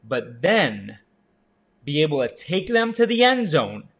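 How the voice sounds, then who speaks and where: A man in his thirties giving an energetic sales coaching talk, jumping up in pitch for emphasis and asking the listener questions. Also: a little slow, vocal fry. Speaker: real estate agent and sales coach. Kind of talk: motivational sales talk to camera.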